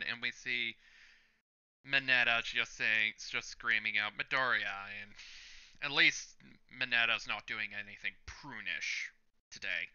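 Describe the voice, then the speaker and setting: A man's voice: mid-range voice, smooth, muffled recording. A man hosting a reaction channel, reading a manga chapter aloud panel by panel with his own commentary and chuckling at the jokes. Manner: narrates panel by panel, reading lines out loud.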